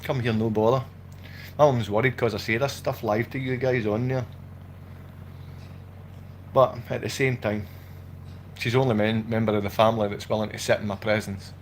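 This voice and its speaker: A man's voice: lowish voice, steady tone, moderate pace, pauses often, slight background noise. A man at home, speaking in an impassioned, agitated livestream monologue and repeating himself as he rants. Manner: agitated, repetitive, ranting. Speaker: vlogger. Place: at home indoors.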